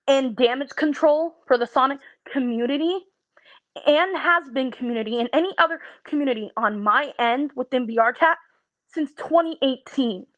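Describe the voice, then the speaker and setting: A woman in her twenties venting to viewers in a casual way, tired and stressed, halting and stammering as she restarts her sentences. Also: high voice, fairly bright tone, no echo, highs cut off. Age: 20s. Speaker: content creator.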